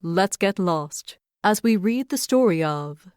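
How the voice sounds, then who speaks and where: A young adult woman hosting a podcast, reading fairy tales aloud and reflecting on faith in an earnest, expressive way. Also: mid-range voice, slow, smooth, dry recording, clean studio sound. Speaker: podcast host and storyteller. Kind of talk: storybook narration and devotional reflection.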